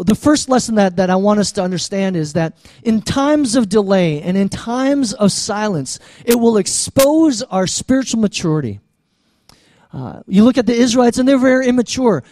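High-voiced pastor preaching, halting restarts. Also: male voice, darkish tone, dry recording. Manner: conversational preaching with frequent stammered restarts. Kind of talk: sermon.

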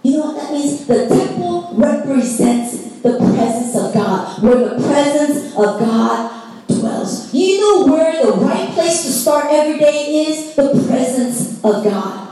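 A woman's voice: high-pitched, animated, slow pace, dark tone, faint music behind. A woman preacher in her thirties or forties gives a sermon as passionate, personal storytelling. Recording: very echoey hall, voice from far off.

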